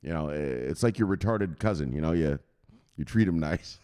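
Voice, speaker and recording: A man hosting a crypto news stream in a boisterous, profane casual chat and shouting out viewers. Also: extremely low pitch, expressive, normal speed, smooth.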